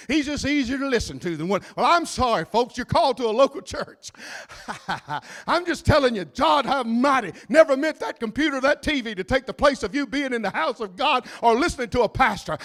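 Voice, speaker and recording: A man pastor preaching a fiery sermon, shouting out lines and dropping to a hush. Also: extremely high pitch, expressive, moderate pace. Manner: shouting, swinging from loud to hushed.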